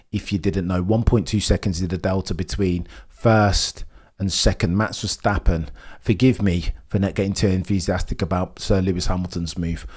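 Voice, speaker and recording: A man calling a live race stream as a fan, jumping from calm updates to loud pleading shouts. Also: fairly low pitch. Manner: swings from calm reading of gaps to loud shouting; fan-like, pleading with drivers, chatty with viewers.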